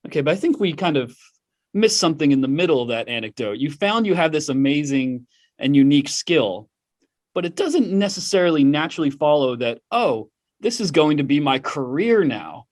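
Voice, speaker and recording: A male podcast host asking a guest questions in a relaxed, conversational way with some hesitant fillers. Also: fairly high pitch, fairly quick. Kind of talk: casual interview questions.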